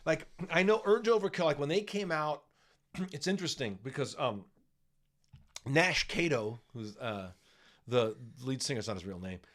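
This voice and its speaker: A man co-hosting a casual music podcast, talking in a rambling, animated way with many restarts. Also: medium pitch, normal speed. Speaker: podcast co-host.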